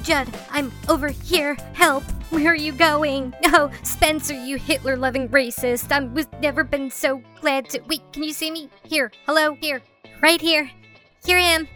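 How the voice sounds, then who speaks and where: A woman playing a panicked woman with a high, bright, sharp voice, pleading for someone to help her. Faint music runs underneath. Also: fairly even intonation, measured pace. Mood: frantic. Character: frantic woman desperate for help.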